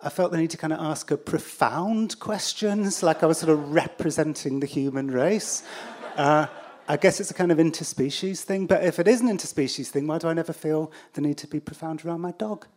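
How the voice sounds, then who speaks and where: An English man recounts a story in front of a live audience, dry and self-deprecating. His delivery is halting, sprinkled with ums and restarts, sitting at an ordinary middle pitch for a man. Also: darkish tone.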